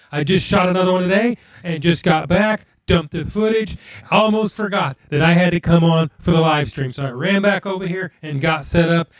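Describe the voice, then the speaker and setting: A man with a high-sitting voice hosts a live stream, chatting casually with viewers. He mutters to himself as he fixes his audio.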